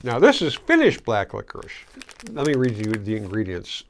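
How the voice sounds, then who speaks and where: A man's voice: fairly low pitch, wildly swooping pitch, moderate pace. A man from Michigan, hosting a casual candy tasting video, chatting and chewing as he reviews each piece. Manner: chatty, chewing while talking. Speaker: host.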